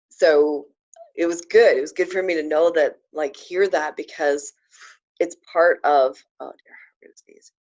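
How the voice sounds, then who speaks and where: A woman with a low-pitched voice hosts a live spiritual coaching program, chatting casually and effusively with viewers, full of fillers and excited whoops. The highs in the recording are cut off.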